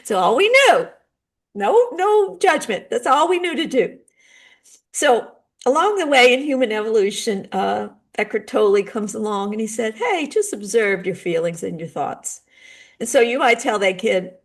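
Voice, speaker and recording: A middle-aged woman and spiritual guide speaking in a gentle, earnest way about healing, now and then acting out little dialogues. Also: a little high. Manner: gentle, earnest, acts out short dialogues with lively shifts. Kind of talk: heartfelt talk on healing grief.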